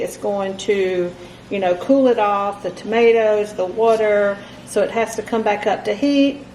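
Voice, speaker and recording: Home cook, middle-aged woman, chatty and instructive, mid-pitched, echoey kitchen with faint background noise. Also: darkish tone. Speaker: home cooking host. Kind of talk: casual cooking demonstration.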